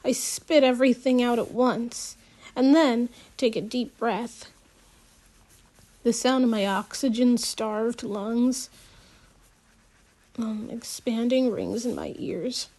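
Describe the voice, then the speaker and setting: A woman narrating a first-person novel as an audiobook, reading in a slow, measured way. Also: on the high side, steady tone, a little mellow.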